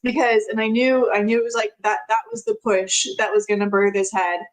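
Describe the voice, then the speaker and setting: A woman's voice: mid-range voice, steady tone, brisk, rough recording. A woman telling a personal story as a podcast guest, in a chatty way with frequent laughs and many filler words.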